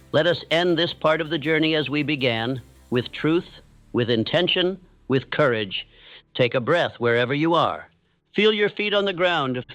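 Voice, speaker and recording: A man's voice: on the high side, fairly bright tone, dry recording. Earnest male motivational speaker, dry sound. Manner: measured, earnest, guiding listeners through affirmations. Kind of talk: scripted motivational speech. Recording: dull lo-fi sound with faint music.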